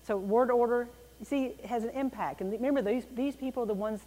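Lady teaching bible class, lively and emphatic, echoey long reverb room. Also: a little high, fairly quick. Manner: animated, emphatic explaining.

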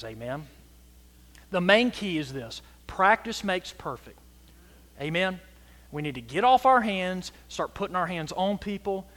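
A pastor preaches with a high, ringing voice. He presses hard on some lines and drops to a hush on others. The reverb of a large church hall carries his words. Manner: emphatic preaching, swinging from loud to hushed. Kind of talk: sermon. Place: church sanctuary.

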